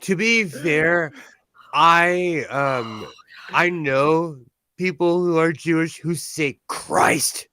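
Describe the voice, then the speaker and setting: A man's voice: on the high side, extremely slow, bright, forceful tone, clean tone, no echo. A man hosting a casual chat, rambling and self-deprecating. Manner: rambling, self-deprecating, many fillers and restarts. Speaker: host. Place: home sewing room. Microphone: on-camera shotgun mic.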